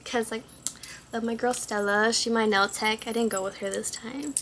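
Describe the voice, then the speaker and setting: A young woman with a Texan accent telling a casual storytime vlog, slangy and animated, acting out what people said. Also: on the high side, moderate pace, slight background noise. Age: young adult. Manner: animated, slangy, swears and acts out quotes. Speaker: vlogger.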